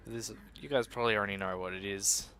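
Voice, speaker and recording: A man's voice: lowish voice, steady tone, fast, sharp tone, slight background noise. A young man chatting casually as he plays a survival game, rambling and joking at himself while talking to his viewers. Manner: rambling, self-mocking, talks to viewers. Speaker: gaming video host. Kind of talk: casual gameplay commentary.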